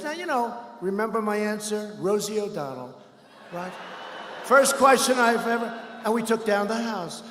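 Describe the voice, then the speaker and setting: Man, rally speech, rambling and boastful, high voice, long echo from a large hall. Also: lively intonation, moderate pace. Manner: rambling, boastful, often shouting. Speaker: political speaker at a rally. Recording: echoey hall with long reverb.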